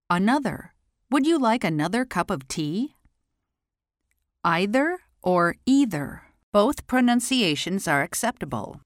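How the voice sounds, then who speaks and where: A woman teaching pronunciation, reading single words and then short example sentences with careful, deliberate enunciation. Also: medium pitch, dry recording, studio quality. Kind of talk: slow pronunciation drill, word then sentence.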